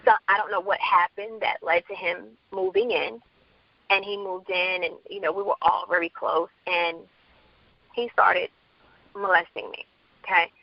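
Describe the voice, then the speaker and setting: A woman's voice: fairly low pitch, animated, measured pace, vocal fry, no room sound, muffled recording. A woman from the Bronx, an author guest, telling her story candidly in an interview and acting out quoted dialogue. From Bronx, New York.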